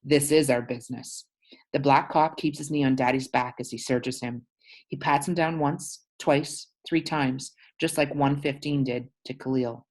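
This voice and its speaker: A woman teacher reading a novel aloud to her class, pausing to explain words. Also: very deep voice, steady tone, a little mellow.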